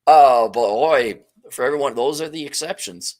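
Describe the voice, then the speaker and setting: A middle-aged man hosting a casual livestream, reading viewer messages aloud and reacting bluntly with swearing and frequent laughs. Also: measured pace. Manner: blunt, profane, laughs often, shifts pitch and loudness a lot. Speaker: livestream host reading super chats.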